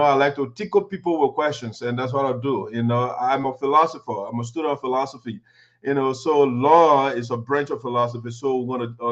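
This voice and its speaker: A man hosting a live online talk show, speaking in a chatty, informal way with many fillers. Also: mid-range voice. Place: home studio, USA. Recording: muffled lo-fi stream audio.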